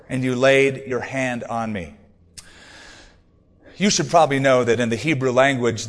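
A man's voice: mid-range voice, big-room sound. A man preaching a sermon in a conversational, humorous way, reading scripture aloud between stories. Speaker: pastor.

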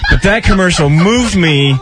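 A man's voice: high-pitched, normal speed, loud music behind the voice. A man co-hosting a radio show, telling an anecdote with lots of feeling in casual chat. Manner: animated, emotional storyteller. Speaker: radio co-host.

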